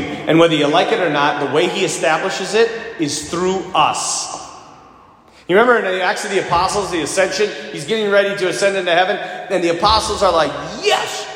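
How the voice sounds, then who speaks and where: Priest man preaching, high-ish voice, lots of questions at the crowd, big echoey church. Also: a bit bright, a little hiss or hum. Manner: emphatic, rhetorical questions, storytelling. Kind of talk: sermon. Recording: echoey church with long reverb.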